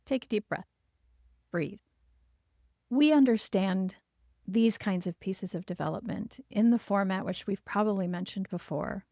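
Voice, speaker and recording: A woman who hosts a parenting podcast as a child therapist, giving advice in a calm, gentle and reassuring way. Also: mid-range voice, no room sound, clean studio sound.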